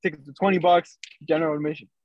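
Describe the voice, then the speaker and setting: A man's voice: on the high side, steady tone, rapid-fire, no echo. Podcast co-host, man, rambling casual storyteller, muffled remote-call sound. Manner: loose storytelling with many fillers. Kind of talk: casual chat.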